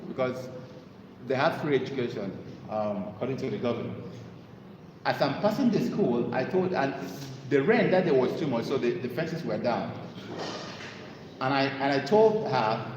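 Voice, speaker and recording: Animated man in an echoey hall. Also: normal speed, a little hiss or hum. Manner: animated storytelling, sales pitch. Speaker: motivational speaker and mentor. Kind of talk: motivational talk to an audience. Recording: echoey hall with long reverb.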